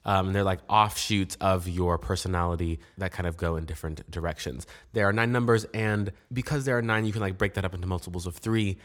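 A man's voice: low-pitched, a little fast, few pauses. A young man co-hosting a casual podcast, talking in a rambling, jokey way with lots of fillers. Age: young adult. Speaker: podcast co-host. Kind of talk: casual chat.

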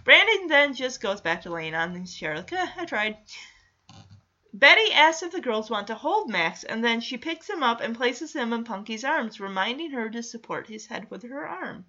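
A woman's voice: on the high side, sing-song, normal speed, hardly any pauses, pushed and bright, dull audio. A woman recapping a TV episode in casual chat, with sarcastic asides and frequent laughs. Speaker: show recapper.

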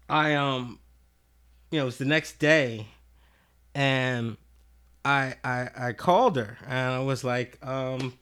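A man telling a rowdy, profane story in casual podcast chat, acting out what people said. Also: medium pitch. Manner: animated, profane storyteller who acts out quotes. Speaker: podcast guest.

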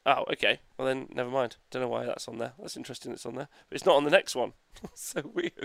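A man's voice: mid-range voice, fast, vocal fry, a bit bright, no room sound. A man co-hosting a podcast in casual chat, enthusiastic and rambling, laughing often and swearing casually. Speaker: podcast co-host.

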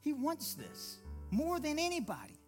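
A male pastor preaching a sermon, swinging from low, quiet asides to loud exclamations and mimicking whiny voices when he quotes people. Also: wildly swooping pitch, unhurried, soft background music.

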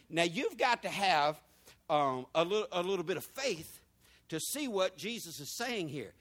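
A high-voiced man delivers a sermon. He asks the congregation question after question, climbing in pitch and volume on the repeated phrases, then sinking to a low murmur. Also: big pitch swings, moderate pace, fairly bright tone. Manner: preaching with big swings in pitch and volume, rhetorical questions to the congregation. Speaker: pastor.

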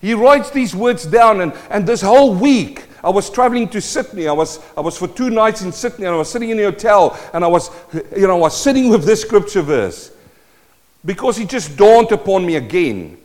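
A man preaching a sermon in a South African accent, swinging from loud declaiming to a hushed voice. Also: high-pitched, expressive, fairly quick. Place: church hall. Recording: long hall reverb.

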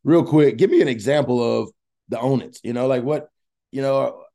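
A man hosts a casual coaching podcast with a mellow, dark tone. His voice carries a gravelly edge. He talks in an eager, loosely rambling way. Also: mid-range voice, moderate pace. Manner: enthusiastic, rambling.

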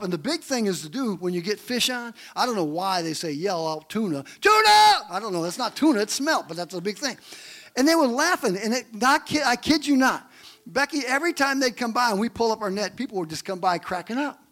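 A male pastor preaching a sermon, telling stories and asking the congregation questions. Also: high-pitched. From Great Lakes region of the US. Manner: animated storytelling preacher, asks the congregation questions. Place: church.

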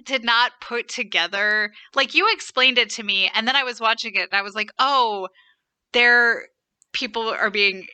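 A woman's voice: a little high, a little fast, hardly any pauses, pushed and bright, clear, resonant tone, no echo. A woman co-hosting a podcast, chatting casually with lots of "like" fillers. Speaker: podcast co-host. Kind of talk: casual chat.

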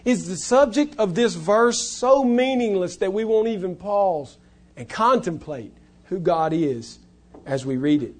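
Man, pastor, sermon, high-pitched, emphatic, hushed asides. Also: animated, measured pace. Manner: emphatic, swings from loud stresses to hushed low lines.

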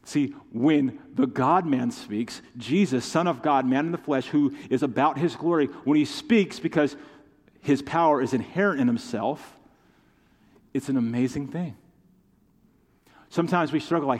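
A man's voice: medium pitch, measured pace, husky. A man preaching a sermon as pastor, passionate and direct, calling out to his congregation for responses. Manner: impassioned preaching with call-and-response. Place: church sanctuary. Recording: long hall reverb.

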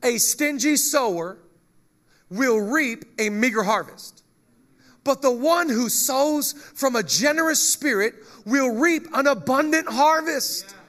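High-voiced energetic male pastor preaching. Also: takes it slowly. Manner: energetic, joking, reads scripture aloud. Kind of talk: sermon.

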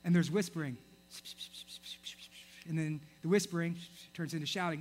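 A young man preaching a sermon, telling a story in an animated way and acting out the characters. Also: a little high, normal speed, long pauses. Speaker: pastor.

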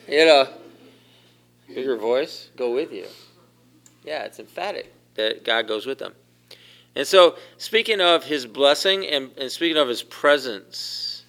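Bright-voiced man preaching a sermon. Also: on the high side, smooth. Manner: conversational, asks the congregation questions and laughs. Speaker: pastor.

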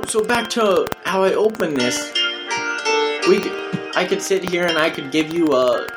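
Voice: medium pitch, poor audio. A preacher giving an emphatic, repetitive sermon in a casual, slangy way.

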